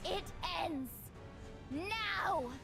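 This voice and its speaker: A woman voicing a young female knight, speaking in a hushed, earnest way while reading game dialogue. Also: very high-pitched, lively intonation, extremely slow, creaky, soft background music, voice pushed up, full character voice. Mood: determined.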